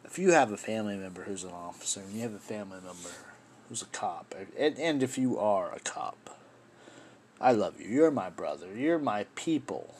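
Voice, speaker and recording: A man's voice: fairly low pitch, big pitch swings, moderate pace, darkish tone, a little hiss or hum. A man hosting a solo podcast, talking in an impassioned, rambling way, swearing and addressing his listeners as folks. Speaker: podcast host. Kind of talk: solo political podcast rant.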